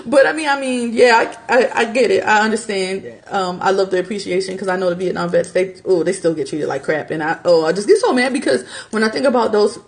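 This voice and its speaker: A young American woman in her thirties hosting a podcast, talking casually and animatedly, often laughing and jumping into high mock voices when she quotes people. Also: a little fast, few pauses. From United States. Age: young adult. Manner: animated, mimics others in high squeaky voices. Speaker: podcast host. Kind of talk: casual opinion monologue.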